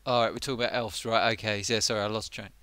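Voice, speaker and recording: A man's voice: lowish voice, flat delivery, rapid-fire, bright, forceful tone, smooth, dry recording. A man chatting on a live stream who is a bit under the weather, rambling and muttering to himself as he gets sidetracked. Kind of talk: casual live stream chat.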